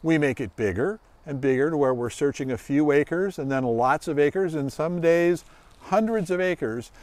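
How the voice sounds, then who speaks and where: Middle-aged male dog handler with a high-pitched voice; goofy animated praise for his dog, relaxed explanations for kids. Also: normal speed, no echo. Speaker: search and rescue dog handler. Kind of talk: demonstration for children.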